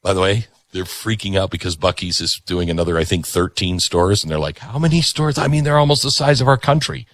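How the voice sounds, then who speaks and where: A man's voice: deep voice, a little fast, hardly any pauses, fairly bright tone. A man hosting a talk show, delivering a conversational monologue and acting out quoted voices. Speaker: radio and TV show host.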